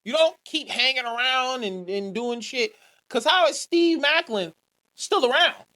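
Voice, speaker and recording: A woman co-hosts a podcast in a blunt, animated manner, swearing freely. Her fairly high voice swings widely up and down as she makes her points. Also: measured pace. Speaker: podcast co-host. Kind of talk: casual chat.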